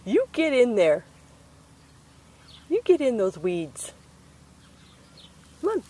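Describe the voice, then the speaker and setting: A woman's voice: on the high side, wildly swooping pitch, takes it slowly, dark tone, husky. A woman outdoors among weeds, recorded on a handheld camcorder, playfully coaxing a small animal along as if it were a child. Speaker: person releasing a baby skunk outdoors. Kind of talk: casual talk to an animal. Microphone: handheld pocket camcorder.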